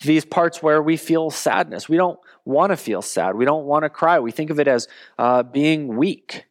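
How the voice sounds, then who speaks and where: A man preaching a sermon in an earnest tone, slowing down to stress key words. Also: on the high side, expressive, dry recording, clean studio sound. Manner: earnest, slows down for emphasis. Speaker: pastor.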